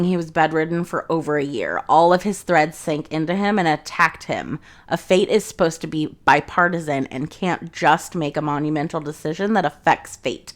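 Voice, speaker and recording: A young woman casually recapping a fantasy novel in a chatty, sarcastic way, swearing freely. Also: sits low. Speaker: book reviewer.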